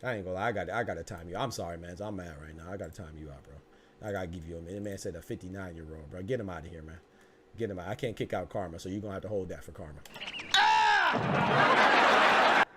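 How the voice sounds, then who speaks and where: A man's voice: deep voice, rapid-fire, slight background noise. A man hosting a live boxing podcast, reading chat comments and joking around with loose, profane mock anger and speech.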